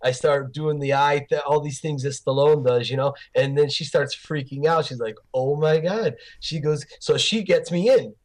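A man who gives film tours, chatting in an interview as an animated storyteller with many fillers and restarts. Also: a little high, normal speed, hardly any pauses. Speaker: Rocky film tour guide. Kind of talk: casual interview chat.

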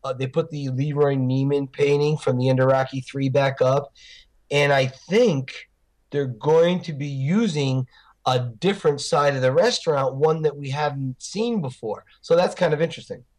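A man who gives film tours, chatting in an interview as an animated storyteller with many fillers and restarts. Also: medium pitch, moderate pace. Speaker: Rocky film tour guide. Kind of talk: casual interview chat.

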